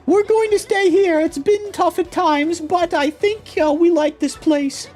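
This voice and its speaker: Man in falsetto as a very squeaky, soft female crewmate, game dub. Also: measured pace, soft background music. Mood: content. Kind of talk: fan voice acting of a game.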